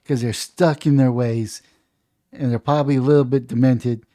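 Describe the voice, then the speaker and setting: A man's voice: mid-range voice, steady tone, normal speed, warm tone. A man giving an opinionated political commentary monologue, reading news aloud and then ranting emphatically about it. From United States.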